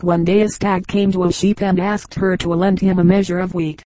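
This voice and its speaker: A woman narrating an audiobook of animal fables in a measured, even storytelling manner. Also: lowish voice, no echo, poor audio.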